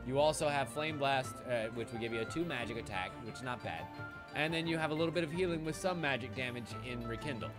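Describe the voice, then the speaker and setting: A man giving live commentary while he plays a video game, excitable and quick to swear when things go wrong. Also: mid-range voice. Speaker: game streamer. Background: game music.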